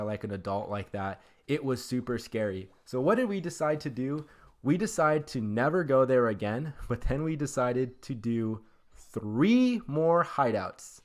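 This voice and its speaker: A man telling a funny personal story in a casual, rambling way, full of fillers, over game footage. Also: medium pitch. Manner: rambling, filler-heavy, animated. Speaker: gaming YouTuber.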